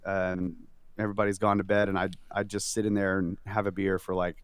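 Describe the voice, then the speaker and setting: A man's voice: sits low, flat delivery, a little fast, clear, resonant tone, no echo. A man who is a guest on a casual podcast, telling stories in an easygoing way with fillers.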